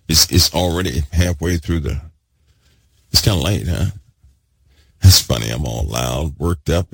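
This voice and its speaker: A man preaching a fervent sermon, repeating himself and swinging between loud bursts and hushed asides. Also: rumbling low, vocal fry, husky, no echo.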